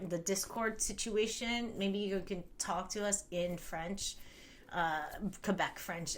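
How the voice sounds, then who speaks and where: A woman in her thirties hosts a casual live stream with a bright, forceful voice. She rambles freely, laughs often and reads out comments from her viewers. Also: medium pitch, a little hiss or hum. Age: 30s.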